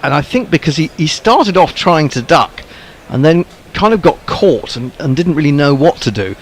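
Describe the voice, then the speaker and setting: A man's voice: fairly high pitch, very animated, normal speed, slight background noise. A man calling ball-by-ball cricket commentary in a wry, rambling way, full of ums and asides.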